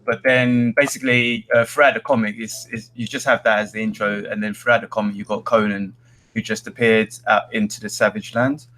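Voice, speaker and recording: A man's voice: fairly low pitch, level tone, a little fast, a bit bright. A man, co-hosting a casual comics chat and talking hesitantly, with many ums and restarts. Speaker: podcast co-host.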